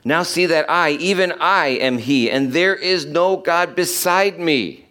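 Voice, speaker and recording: A man preaching a sermon, reading scripture aloud and explaining it, slowing down to stress key verses. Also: fairly high pitch, sharp tone. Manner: emphatic, slows down to stress quoted verses.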